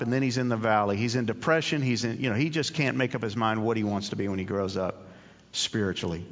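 A man's voice: medium pitch, a bit bright. A man preaching a sermon in an earnest, conversational way, often repeating his key phrases. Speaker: pastor. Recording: dull audio with long hall reverb.

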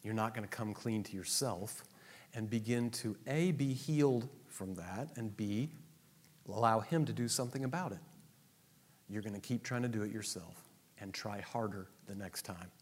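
A male pastor preaching a sermon, animated, acting out dialogue and laughing often. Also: on the low side, moderate pace, breathy edge. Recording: long reverb in a large hall.

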